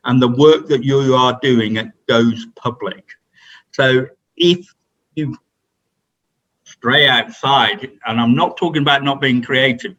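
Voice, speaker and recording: Guy running a staff session, middle pitch, keeps restarting sentences, loose off-the-cuff talk. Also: fairly bright tone, low-quality recording. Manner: rambling, many restarts and fillers. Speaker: presenter at staff training. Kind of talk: unscripted talk to colleagues.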